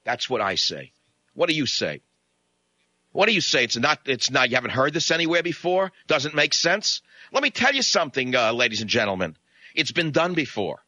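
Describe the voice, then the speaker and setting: A man hosting a talk radio show rants into a studio mic, sarcastic and indignant. His voice is very bright and cutting, and the sound is close and completely dry. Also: mid-range voice, very animated, normal speed, no room sound, highs cut off. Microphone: studio broadcast microphone.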